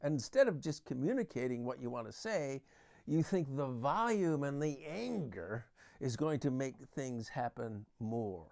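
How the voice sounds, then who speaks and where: A man's voice: mid-range voice, lively intonation, unhurried, creaky, darkish tone. A man giving an earnest Christian parenting talk that uses Bible verses and everyday examples.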